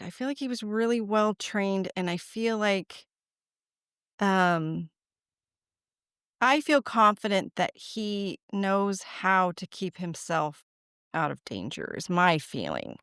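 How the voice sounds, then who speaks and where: A woman's voice: medium pitch, animated, slow pace, a bit bright, clear, resonant tone, no echo, studio quality. Earnest middle-aged woman, rambling talk. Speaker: guest, deputy's mother. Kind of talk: casual conversation.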